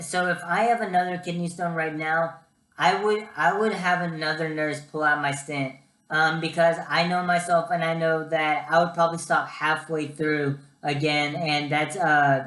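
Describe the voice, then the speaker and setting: A man's voice: fairly high pitch, echoey room. A young man giving casual vlog advice, chatty and full of ums and uhs. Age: young adult. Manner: chatty, lots of ums and uhs, animated storytelling. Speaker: student vlogger.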